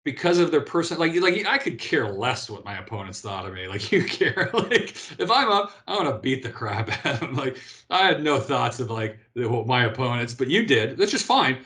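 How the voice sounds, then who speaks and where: At a medium pitch and normal pace, a fifty-something former pro beach volleyball player spins stories during a casual interview where he's the guest. He's lively, often starts over, and leans on "right?" tags.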